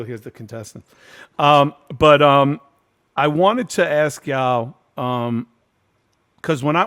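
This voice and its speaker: Hosting a casual reunion over a video call, a man in his fifties tells a long behind-the-scenes story, frank and profane. His voice sits at an ordinary middle pitch, and he animatedly acts out other people's lines as he goes.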